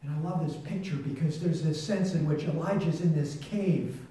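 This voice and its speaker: A man preaching a sermon, swinging between loud shouted proclamation and a hushed, near-whispered delivery. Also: on the high side, normal speed. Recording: very echoey, voice distant from mic.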